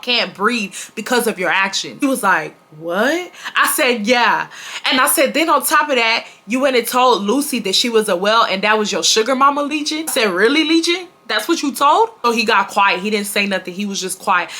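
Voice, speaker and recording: A woman in her twenties from Houston, telling a storytime to her viewers in a casual, animated way and acting out the quoted dialogue. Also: mid-range voice. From Houston, Texas. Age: 20s. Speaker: storytime vlogger.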